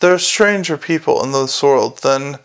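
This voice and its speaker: A man's voice: medium pitch, unhurried, lightly acted. A man voicing a testy, cynical middle-aged male watch captain with a dry manner.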